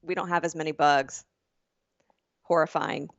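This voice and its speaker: A woman co-hosting a podcast in casual chat, trading quick, joking banter and laughing often. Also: deep voice, fairly even intonation, creaky, no room sound, dull audio. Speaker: podcast co-host.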